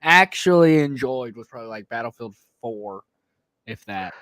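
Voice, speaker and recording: A man's voice: medium pitch, animated, moderate pace, a bit bright, dry recording. Laid-back, hesitant male guest. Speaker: podcast guest, streamer. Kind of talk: casual gaming podcast chat.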